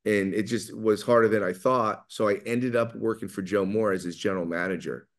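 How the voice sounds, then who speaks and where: Man, New York accent, middle-aged, low-pitched, loud fast talker, animated storyteller. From New York area. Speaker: guest, pizza maker. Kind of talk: storytelling in an interview.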